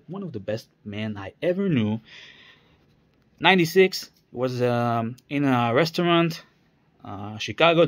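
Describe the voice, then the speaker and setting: A tired man in his thirties talks straight to camera in a loose, rambling vlog. He circles back on himself, drops thoughts halfway and fills the gaps with "uh" and "you know.". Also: a little high. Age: 30s. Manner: meandering, many fillers and restarts, trails off. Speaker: vlogger.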